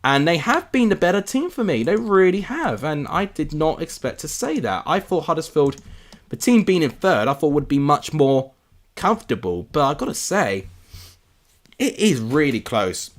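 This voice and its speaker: A man's voice: fairly high pitch, big pitch swings, moderate pace. A young man from England hosting a live football watchalong, chatting casually and answering viewer comments. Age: young adult. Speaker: livestream host.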